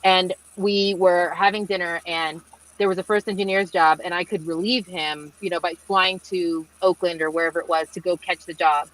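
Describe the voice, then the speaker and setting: A young woman, a marine engineer, answering webinar questions over a video call in a chatty storytelling way with lots of fillers and lively quoted dialogue. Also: on the low side, moderate pace, low-quality recording.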